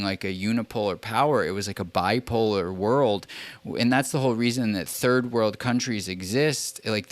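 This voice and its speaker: A man's voice: lowish voice, fairly bright tone, smooth. A man streaming a casual political rant, rambling and profane, with restarts and acted-out quotes.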